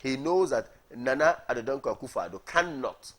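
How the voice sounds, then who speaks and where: Animated, husky man arguing his case. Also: mid-range voice, fairly quick. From Ghana. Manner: emphatic, repeats words, asks "are you getting me". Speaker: party coordinator, studio guest. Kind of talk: heated political debate on morning TV. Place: TV studio.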